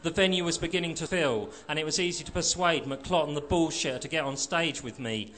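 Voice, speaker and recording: A man's voice: fairly high pitch, a little fast, a bit bright. Man reading a sardonic short story. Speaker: reader.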